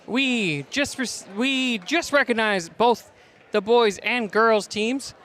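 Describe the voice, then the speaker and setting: A man broadcasting a high school wrestling preview, energetic and quick, rattling off stats and names while a little out of breath. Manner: energetic, fast-talking, reading stats and names. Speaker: play-by-play broadcaster. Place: top of gym bleachers.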